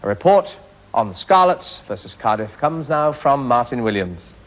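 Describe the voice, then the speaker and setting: A middle-aged man presenting a rugby results programme in a brisk, clipped broadcast manner. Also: medium pitch, big pitch swings. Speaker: studio presenter.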